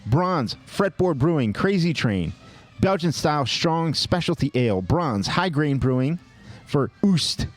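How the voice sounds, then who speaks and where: A man co-hosting a podcast, jokingly rattling through a list of award winners with quick asides. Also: on the high side, lively intonation, faint music behind. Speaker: podcast co-host. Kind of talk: casual chat, reading award lists.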